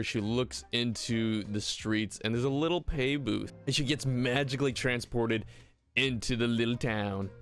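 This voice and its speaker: A young man giving a comedic recap of an old TV episode, sarcastic and rambling, with sudden high-pitched outbursts. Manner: sarcastic, rambling, jumps up in pitch when ranting. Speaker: video commentator.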